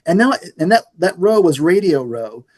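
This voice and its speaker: A man's voice: sits high, moderate pace, soft background music. A middle-aged man, a radio station manager, telling stories in a casual interview and acting out the dialogue. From San Antonio area, Texas. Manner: animated storyteller acting out dialogue.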